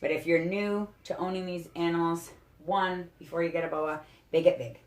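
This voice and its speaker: Young woman vlogger, deep speaking voice, chatty and breathless, roomy home echo. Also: fairly even intonation, moderate pace. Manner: chatty, laughs often, frequent fillers. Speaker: reptile keeper vlogger. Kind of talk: casual show-and-tell vlog. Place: indoors at home. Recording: echoey home room.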